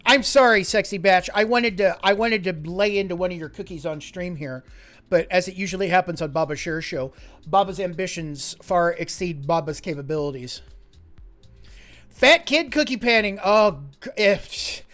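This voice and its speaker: A man's voice: high-pitched, animated, moderate pace, faint music behind. Rambling, swearing male streamer host. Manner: rambling, joking and swearing, drifting between mutters and loud bursts. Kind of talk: casual live-stream chat.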